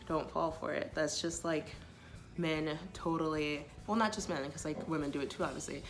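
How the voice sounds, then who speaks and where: A woman talks straight to the camera about relationships in a loose, chatty way, with plenty of filler words. Her voice sits low and has a gravelly fry. Faint music plays behind her. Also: a bit bright. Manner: chatty, many filler likes, quotes others in passing. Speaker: vlogger giving relationship advice. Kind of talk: casual talking-to-camera advice.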